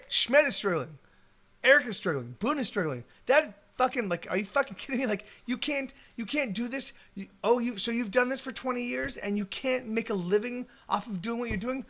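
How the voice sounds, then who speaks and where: Rambling high-voiced man, swearing. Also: a bit bright. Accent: Texan. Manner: rambling, swears a lot, many restarts and fillers. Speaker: musician streaming live. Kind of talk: casual live-stream chat.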